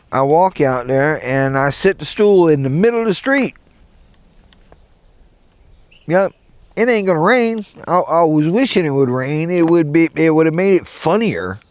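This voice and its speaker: A man's voice: a little high, no room sound. A middle-aged man with a Southern US accent telling a rambling story on his podcast, acting out the voices of the people in it. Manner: animated, rambling, acts out quoted voices. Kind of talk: casual storytelling.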